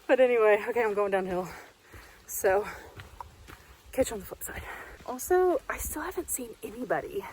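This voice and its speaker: A woman's voice: fairly high pitch, big pitch swings, darkish tone, a little hiss or hum, low-quality recording. A woman vlogging solo on a wooded trail, chatty and rambling, out of breath as she hikes and talks into a handheld camera. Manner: chatty, rambling, quick to laugh. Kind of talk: casual vlog monologue.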